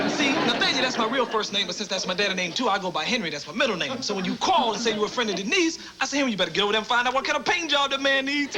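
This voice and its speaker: An actor playing a chatty, boastful house painter in a sitcom, rambling in a folksy way. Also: male voice, very high-pitched, heavy background noise. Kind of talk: sitcom acting.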